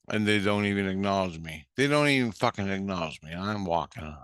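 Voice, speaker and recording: A man's voice: sits low, a little fast, hardly any pauses, a bit bright, clear, resonant tone, no room sound, clean studio sound. A man telling a story in a blunt, heated way, swearing constantly. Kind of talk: casual storytelling.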